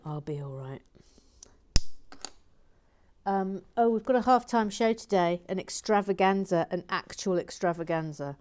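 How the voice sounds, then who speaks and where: A woman hosting a relaxed building stream, chatting playfully, reading comments aloud and laughing. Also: medium pitch, measured pace, a little hiss or hum. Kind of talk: casual chat while building.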